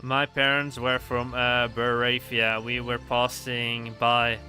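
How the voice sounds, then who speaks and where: A man voicing a foreign young girl with a put-on accent, speaking slowly and hesitantly. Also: mid-range voice, completely flat delivery, sharp tone, soft background music, pitched below the performer's own voice. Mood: guarded.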